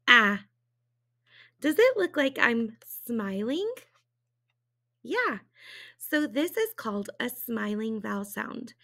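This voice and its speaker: Slow, gravelly-voiced phonics teacher woman. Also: on the high side. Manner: slow, exaggerated sounds for young children; cheerful, encouraging questions. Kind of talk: early-reading phonics lesson.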